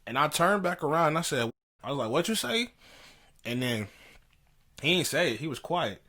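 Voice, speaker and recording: A man's voice: fairly high pitch, lively intonation, fairly quick, bright, forceful tone. A young man co-hosting a podcast, telling a story in casual slangy chat and laughing as he goes. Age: young adult. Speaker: podcast co-host. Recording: poor audio.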